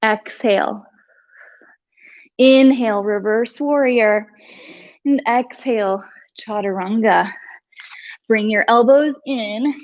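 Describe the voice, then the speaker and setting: A woman instructor leading a live yoga flow, giving calm breath cues with chatty asides, a little out of breath. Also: fairly high pitch, slow, pauses often, highs cut off. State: slightly out of breath. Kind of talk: live yoga class cueing.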